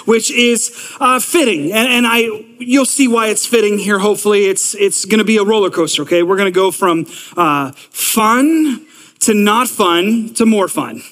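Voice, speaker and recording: Male pastor, thirties, high voice, energetic off-the-cuff preaching with restarts, big reverberant hall. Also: moderate pace. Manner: energetic, repeats words and restarts often. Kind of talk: sermon. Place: large church hall with long reverb.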